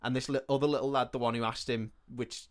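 A man's voice: mid-range voice, flat delivery, fast. A British man co-hosting a podcast, casually recapping a film plot, laughing often and swearing freely. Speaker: podcast co-host.

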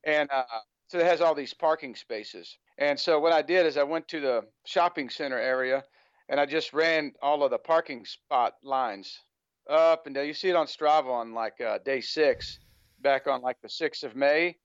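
Speaking at a normal speed, a man from the United States is a guest on a podcast, chatting casually and loosely with lots of "you know" between phrases. His voice is smooth, clean, and slightly high-pitched. The recording is dry, close, dull, and lo-fi, as though captured over a remote call.

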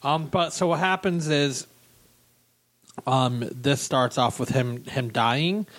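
A man's voice: mid-range voice, slow, a bit bright. A man chats casually as a podcast co-host. He rambles through a show recap, full of ums and restarts as he hunts for names and words. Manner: rambling, hesitant, searches for words. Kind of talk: casual chat.

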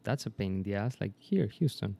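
A man whose first language is Spanish, chatting casually in English and often pausing to search for words. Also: lowish voice, animated, gravelly, mellow. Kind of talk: casual chat.

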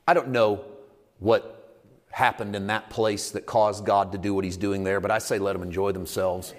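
Male preacher rising to loud emphatic peaks. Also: lowish voice, moderate pace. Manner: builds from calm storytelling to loud, emphatic climaxes; preaching with congregation call and response. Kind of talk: sermon. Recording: long reverb of a large hall.

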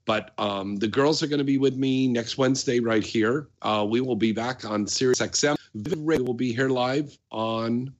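Male radio host, casual and rambling, mid-pitched voice, dull lo-fi audio. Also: fairly even intonation, normal speed, hardly any pauses. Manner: chatty, rambling, many fillers. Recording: dull lo-fi sound.

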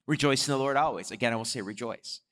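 A man preaching a sermon, telling a story in an animated way and swelling louder on his exhortations. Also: medium pitch, fast talker. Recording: long hall reverb.

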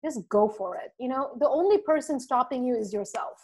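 A woman podcast guest telling an animated story, acting out quotes and laughing often. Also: sits high, brisk. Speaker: podcast guest, marketing speaker.

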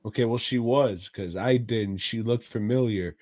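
A man's voice: fairly low pitch, normal speed, a little mellow, dry recording, clean studio sound. A man co-hosting a casual podcast, making sardonic, profane remarks. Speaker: podcast co-host.

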